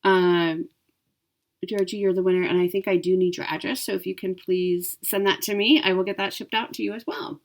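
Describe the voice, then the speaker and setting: A woman's voice: medium pitch, little pitch movement, fairly quick. A woman vlogging about her cross-stitch haul and giveaways in a chatty, upbeat way with frequent ums. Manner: chatty, upbeat, lots of ums and self-corrections. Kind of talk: casual chat to camera.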